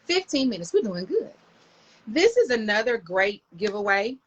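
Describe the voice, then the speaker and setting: A woman's voice: medium pitch, very animated, normal speed, muffled recording. A middle-aged woman, chatting enthusiastically to viewers in a casual live stream, recorded on a phone camera.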